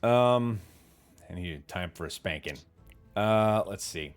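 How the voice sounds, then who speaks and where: Low-voiced man, rambling casual host. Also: expressive, slow, smooth, faint music behind. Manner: rambling storyteller, casual swearing; reads and answers viewer chat aloud. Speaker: podcast host. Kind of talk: casual livestream chat.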